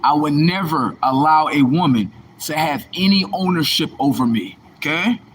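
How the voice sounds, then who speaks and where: Male streamer lecturing his chat in a combative, preachy tone; pitched a bit high, faint noise behind. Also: expressive, normal speed. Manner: preachy, combative, rhetorical questions. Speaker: livestream host. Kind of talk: casual livestream monologue.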